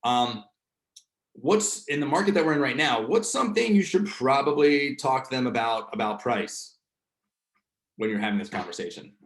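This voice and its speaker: A man's voice: medium pitch, lively intonation, normal speed, a bit bright, reverberant. Casual slangy man with New Jersey accent. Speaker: host leading a real estate training session. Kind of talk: casual coaching talk.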